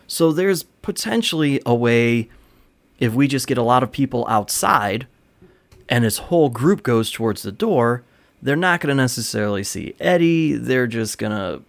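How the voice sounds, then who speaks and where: A man's voice: mid-range voice, vocal fry. Casual storytelling man, wrestling podcast host. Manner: rambling, laughs while telling stories, swears casually.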